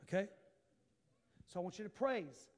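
A man preaching a sermon, swinging from quiet asides to sudden shouted bursts. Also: sits high, animated, moderate pace. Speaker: pastor.

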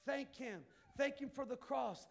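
A high-pitched man delivering a sermon. He drops to quiet, confiding asides, then rises into loud, emphatic calls. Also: a little slow, vocal fry. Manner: preaching with sudden shouted bursts and quiet asides. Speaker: pastor.

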